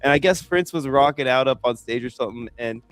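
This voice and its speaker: A man's voice: mid-range voice, quick pace, no room sound, soft background music. A man on a fantasy sports podcast, chatting casually and telling a long rambling story full of fillers. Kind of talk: casual chat.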